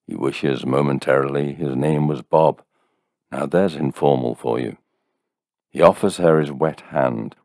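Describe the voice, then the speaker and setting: A man reading a dark short story aloud in a wry, measured way. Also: extremely low pitch, gravelly, dry recording, studio quality. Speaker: narrator.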